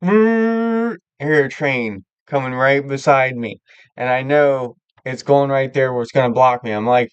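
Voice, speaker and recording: A man chats openly on his live stream, drifting along with lots of filler words. His voice is smooth and resonant, recorded close and dry, with a slightly dull, lo-fi sound. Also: medium pitch, measured pace, dry recording. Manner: candid, rambling, many filler words. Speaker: livestream host. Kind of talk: casual chat.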